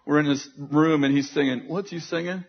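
A man preaching, telling a story in an animated way, often laughing and acting out what people said. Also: fairly high pitch, fairly quick. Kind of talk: sermon storytelling. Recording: dull lo-fi sound with faint noise.

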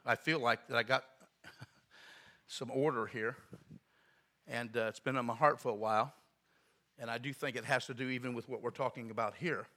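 Bright-voiced rambling male preacher. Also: mid-range voice. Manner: rambling, storytelling, call-and-response asides. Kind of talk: sermon.

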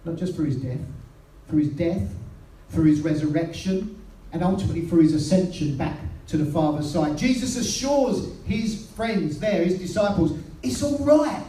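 A British man preaching a sermon, telling the story and quoting scripture in a lowered voice. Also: normal speed, warm tone, a little hiss or hum. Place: church hall. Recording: roomy sound from a distance.

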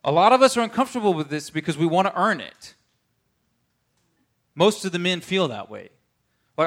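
A man's voice: high-pitched, big pitch swings, moderate pace, pauses often, a bit bright. A man preaching a conversational sermon, earnest, often checking in with his listeners.

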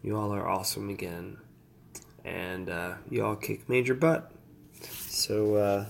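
A man's voice: fairly low pitch, fairly even intonation, measured pace, vocal fry, pauses often, a little hiss or hum. A tired man giving a casual, rambling vlog update to his followers, loose and full of fillers. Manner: laid-back, meandering, filler-heavy. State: tired, yawning. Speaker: vlogger.

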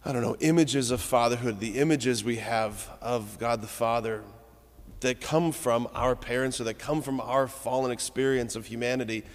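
A man's voice: mid-range voice, steady tone, normal speed, big-room sound. A man giving a conversational, reflective homily as a preacher in a church.

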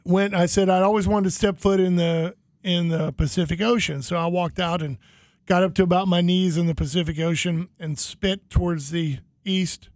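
High-voiced animated storytelling man. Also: normal speed, no room sound. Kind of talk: casual storytelling chat.

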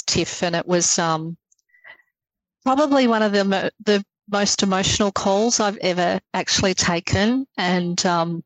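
Podcast guest: middle-aged woman, former cop, earnest storyteller, lowish voice, dry close sound. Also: no room sound, low-quality recording. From Australia. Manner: earnest, emotional, laughs through her story. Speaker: interview guest, retired policewoman. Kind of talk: personal storytelling in a podcast interview.

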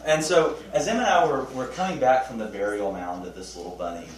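A man teaching a small Bible study group, chatty and animated, asking questions and telling funny stories. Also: medium pitch, brisk. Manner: tells funny anecdotes with restarts. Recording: roomy, distant mic, faint noise.

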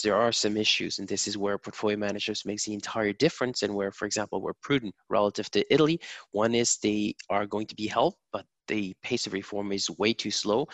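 A man speaking as a guest market strategist, giving financial commentary in a measured way with frequent filler pauses. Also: lowish voice, fairly bright tone, no echo.

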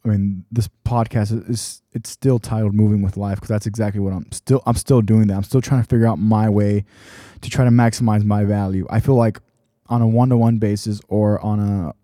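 A man talks alone into his podcast mic in a loose, rambling way, circling back and correcting himself as he goes. His voice is very dark and mellow and sits low. The sound is dry and close. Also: little pitch movement, a little fast, few pauses, no echo. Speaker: podcast host. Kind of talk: casual solo podcast talk.

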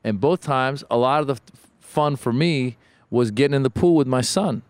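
Male co-host, smooth clear voice, relaxed rambling talk, dry close mic. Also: medium pitch, normal speed, no room sound. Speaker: podcast co-host. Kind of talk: casual comedic chat.

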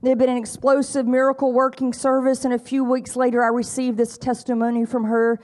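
Woman preacher with a high voice, storytelling sermon style that coaxes the congregation. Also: little pitch movement, fairly quick, a little mellow. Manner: retells stories with frequent repetition.

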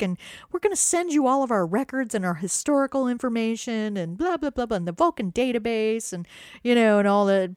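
A woman's voice: a little high, dry recording, clean studio sound. A woman co-hosting a casual podcast, recapping a TV episode with laughs, swearing and acted-out lines. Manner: animated, laughing, swearing, acting out scenes. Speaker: podcast co-host.

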